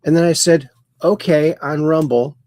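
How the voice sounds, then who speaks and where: A man's voice: fairly high pitch, steady tone, normal speed, a little mellow, no room sound, clean studio sound. A man hosting a casual livestream, reading viewers' chat messages aloud in a folksy, playful sing-song way. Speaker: host.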